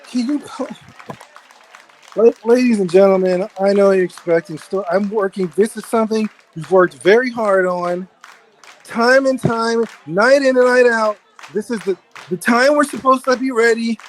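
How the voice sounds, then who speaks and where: Slow, high-voiced exasperated radio storyteller man. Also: a little hiss or hum. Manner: exasperated, halting, scolding a sound operator. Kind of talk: comedic live radio storytelling.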